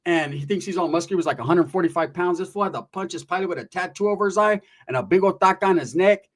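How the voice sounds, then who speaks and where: A man telling a comic story in an animated, profane, slangy way. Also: high voice, fast. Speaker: comedian storyteller.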